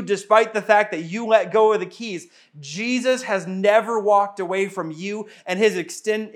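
A man with a high, light voice delivers a sermon. He preaches earnestly, circling back to the same phrases again and again, and at times slips into speaking in the first person as Jesus. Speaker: pastor.

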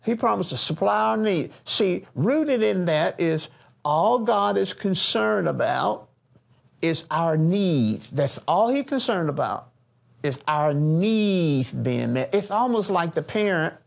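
A man's voice: fairly high pitch, expressive, takes it slowly, gravelly. A middle-aged man preaching a sermon, repeating phrases for emphasis and changing his tone when he quotes others. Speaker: pastor.

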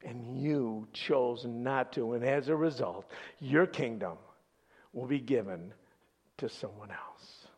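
A male pastor preaching a sermon as an animated storyteller with dramatic pauses. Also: mid-range voice, husky.

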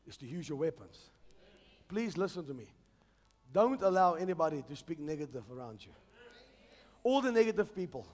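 A man's voice: fairly high pitch, big pitch swings, normal speed, pauses often, a little mellow, long reverb tail. A male preacher giving a fervent sermon, urging the congregation to repeat lines after him.

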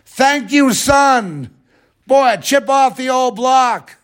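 A man's voice: very high-pitched, very slow, a bit bright, smooth, voice pushed up, heavily acted. A man voicing a proud older military father who approves of his son. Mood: approving.

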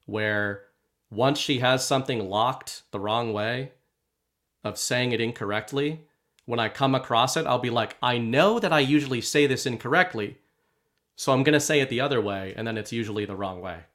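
A man's voice: mid-range voice, normal speed, fairly bright tone. A man co-hosting a casual podcast, reading out viewer messages in an easygoing way. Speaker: podcast co-host.

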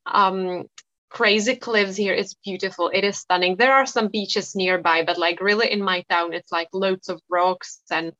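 Calm woman guest, bright tone, dry dull lo-fi sound, lots of you know. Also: medium pitch, normal speed, dry recording. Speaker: guest, hypnotherapist and coach. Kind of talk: casual conversation.

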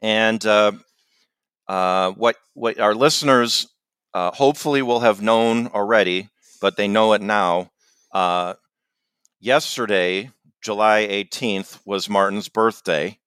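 A man with a lowish, smooth voice co-hosts a comedy podcast, trading casual banter in a meandering, self-deprecating way. The sound is close and dry, with no room around it. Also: slow pace, a bit bright, no echo. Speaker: podcast co-host.

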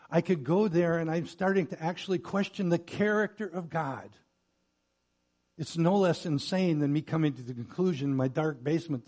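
A middle-aged man preaching a sermon as pastor, growing loud and emphatic when reading scripture and turning quiet and personal in asides. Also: mid-range voice.

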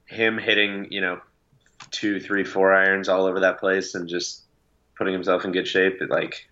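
A man with a very low voice and a bright, forceful edge chatting casually on a podcast. He is agreeable and quick to chime in. The sound is slightly dull and lo-fi. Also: little pitch movement. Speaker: podcast co-host. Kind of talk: casual sports chat.

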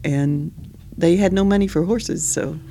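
A man co-hosting a casual chat, relaxed and quick to laugh. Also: fairly high pitch, gravelly, a little hiss or hum. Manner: laughs easily, relaxed and chatty. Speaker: podcast co-host.

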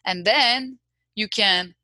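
A woman's voice: mid-range voice, slow pace, bright, forceful tone, no echo. A woman coach, a guest on a podcast, explaining her work earnestly. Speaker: mindset and manifestation coach, guest. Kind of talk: podcast interview.

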